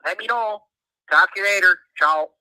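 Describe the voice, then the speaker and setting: A man's voice: high-pitched, moderate pace, pushed and bright, no room sound, rough recording. A man playing a crude, folksy Canadian uncle leaving a voicemail, with a Canadian accent. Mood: friendly. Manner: crude, folksy, says "eh" and "bud". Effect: phone voicemail.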